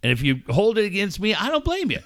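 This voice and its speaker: A man's voice: high voice, huge pitch swings, quick pace, fairly bright tone. A man, a sports radio host, joking and ribbing his co-host in casual podcast banter, swearing freely. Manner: joking, mock-emotional, profane.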